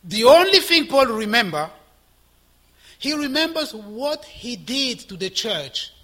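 A man preaching a sermon with passion, swinging from loud exhortation to hushed whispers. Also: very high voice, sing-song, slow.

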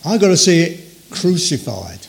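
An older man preaching a sermon in a conversational way, acting out inner voices and trailing off softly. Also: a little high, very animated, moderate pace, gravelly.

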